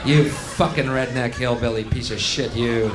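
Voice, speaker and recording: A stand-up comedian ranting angrily on stage, swinging between loud outbursts and low mutters. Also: male voice, fairly even intonation, moderate pace, a crowd in the background.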